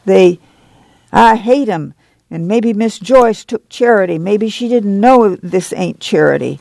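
A reader voicing a fierce, hoarse, proud woman in a folksy rural dialect. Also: mid-range voice, expressive, a little slow, dark tone, dry recording, pitched above the performer's own voice.

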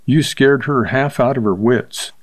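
Man reading as a sharp young woman. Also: mid-range voice, measured pace, natural voice. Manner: sharp, accusing. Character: sharp-tongued young woman running a refreshment stand.

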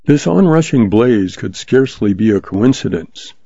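A man narrating pulp western stories in a steady, measured reading. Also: fairly low pitch, creaky, dry recording. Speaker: story reader, host. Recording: dull lo-fi, dry.

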